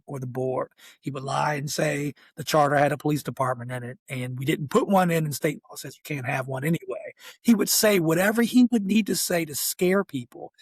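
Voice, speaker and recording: A man's voice: fairly high pitch, husky, no room sound. A man with a Southern Maryland country accent, ranting emphatically as a guest in a casual political discussion. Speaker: podcast guest.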